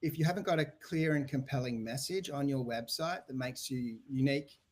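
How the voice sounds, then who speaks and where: An Australian man who owns a website business is a guest on a podcast, answering interview questions about websites and sales. His medium-pitched voice is a little fast, and he rambles loosely with frequent restarts and fillers.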